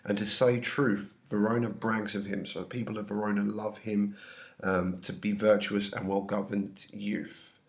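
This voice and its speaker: A man's voice: lowish voice, level tone, a little slow. A man teaching an English class, reading lines from a play and then explaining them in casual everyday words, sounding slightly under the weather. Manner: reads verse aloud then paraphrases in casual slang. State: slightly ill.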